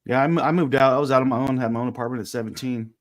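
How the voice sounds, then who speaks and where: A man chatting casually on a livestream, tossing in quick reactions and his own short stories. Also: medium pitch. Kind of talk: casual chat.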